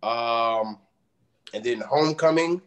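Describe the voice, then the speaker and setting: A man's voice: medium pitch, slow. A man from Illinois, a pro wrestler, chatting casually as a podcast guest and laughing often.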